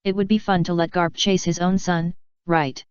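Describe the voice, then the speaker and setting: A boisterous pirate king captain, read by a woman in an audiobook. The voice sits a little low and clean, and it is read plainly. The recording is dry and dull. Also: level tone, moderate pace, smooth, dry recording, lightly acted. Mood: boastful.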